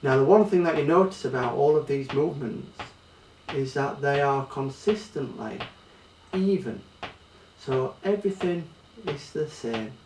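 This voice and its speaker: A man's voice: medium pitch, expressive, a little slow, a little mellow, slight background noise. A man with a Yorkshire accent teaching a children's music lesson, patiently explaining pulse and rhythm step by step. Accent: Yorkshire English. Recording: echoey room, distant mic, faint ambience.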